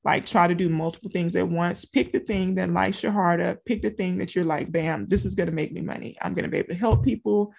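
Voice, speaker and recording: Her fairly low, gravelly voice has a darkish, steady tone, and she talks briskly with hardly a pause. A middle-aged business coach from small-town Louisiana, she chats directly to her audience in a casual motivational style, peppered with asides.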